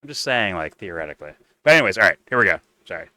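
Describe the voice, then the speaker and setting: A man's voice: sits low, sing-song, rapid-fire, bright, forceful tone, dry recording. A man hosting a stream, giving rambling, profane, mocking reaction commentary in casual chat. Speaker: stream host.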